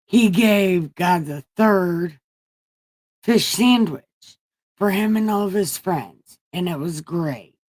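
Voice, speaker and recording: Host: woman, slow, rambling, profane comic storyteller, dry close sound. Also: fairly low pitch, darkish tone, dry recording, rough recording. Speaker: livestream host. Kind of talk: casual comedic Bible retelling.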